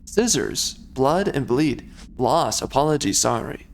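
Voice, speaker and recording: A man's voice: medium pitch, very animated, slow, vocal fry, slight background noise. A man giving casual commentary while playing a video game, rambling and ranting with sarcastic asides.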